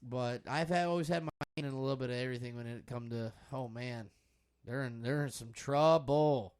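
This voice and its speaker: A young man hosting a laid-back podcast, talking in a loose, rambling way. He swears freely and jumps from stories to calling out a game he is watching. His voice sits at a middling pitch. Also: brisk, a little mellow, smooth. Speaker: podcast host. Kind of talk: casual chat while watching basketball.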